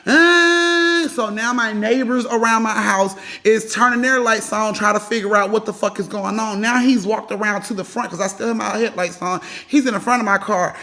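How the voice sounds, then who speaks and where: A woman's voice: medium pitch, a little fast, few pauses, a bit bright. A woman retelling a personal story in a heated, dramatic way, swearing freely.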